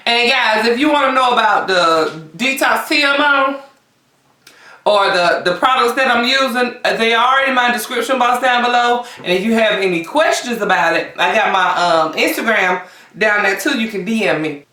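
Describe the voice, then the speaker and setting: A woman vlogger chatting casually to camera between bites, often pausing on long hums. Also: on the high side, bright, forceful tone. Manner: chatty, talks between bites with drawn-out mms. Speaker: mukbang vlogger. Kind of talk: casual eating chat to camera. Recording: roomy sound from a distance.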